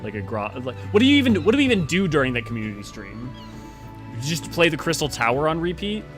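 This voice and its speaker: A man's voice: fairly high pitch, very animated, quick pace, a bit bright, faint music behind. A man hosting a game live stream, chatting casually with viewers in a rambling way while he organizes a group. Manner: rambling, talks to chat while organizing a party.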